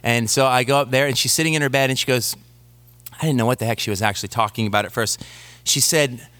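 A man in his thirties preaching a sermon, moving from slow scripture reading into a relaxed story about his young daughter. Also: mid-range voice, no echo. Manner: reads scripture slowly, then tells a family story conversationally. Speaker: pastor.

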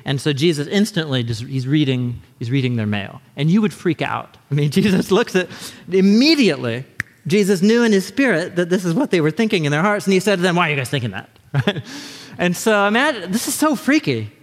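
A man preaching a sermon as pastor, in an animated, conversational way, sometimes acting out quick voices. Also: a little high, in a large hall.

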